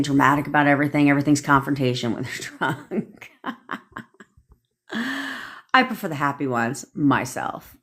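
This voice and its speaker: A woman, coaching on a live stream and answering viewer comments. She talks bluntly and profanely, with lots of asides. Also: sits low. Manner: blunt, profane and animated, with frequent laughs and asides. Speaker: manifestation coach.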